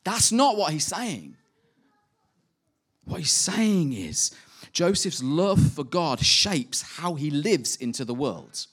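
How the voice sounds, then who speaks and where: Male preacher, relaxed conversational sermon delivery, breaks into lively rhetorical asides. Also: a little high, slow pace, breathy edge.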